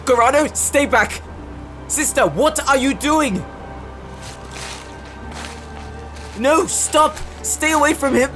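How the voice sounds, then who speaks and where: A man voicing a frantic young ally who shouts urgent warnings in an audio drama role-play over clear music. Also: very high voice, measured pace, exaggerated voice.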